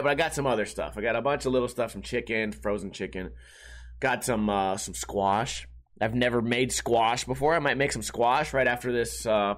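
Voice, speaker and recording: A man hosting a podcast, telling a casual story with lots of swearing and acted-out voices and sound effects. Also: mid-range voice. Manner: profane, animated, acts out people and sound effects. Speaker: podcast host.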